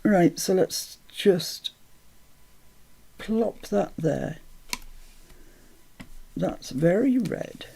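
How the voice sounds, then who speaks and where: A woman hosts a relaxed crafting livestream in a gravelly, creaky voice. She murmurs her steps half to herself, then lifts her voice brightly to greet viewers in the chat. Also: on the low side, extremely slow, pauses often. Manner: chatty, greets viewers brightly, mutters to herself while working. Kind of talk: casual live chat while crafting.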